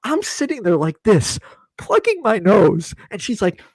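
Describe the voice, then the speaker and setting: Animated young man telling a story. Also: measured pace, no room sound. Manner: animated, acts out quotes in a high voice. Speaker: podcast co-host. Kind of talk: casual chat, storytelling.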